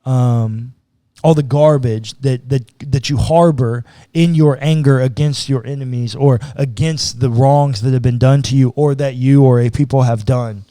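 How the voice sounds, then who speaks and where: A man's voice: mid-range voice, steady tone, normal speed, warm tone, no room sound, clean studio sound. A man who is a pastor, talking through scripture on a podcast in a casual, earnest way, now and then voicing what God might say. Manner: casual and earnest, slips into acted quotes of God. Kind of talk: podcast conversation, teaching on scripture.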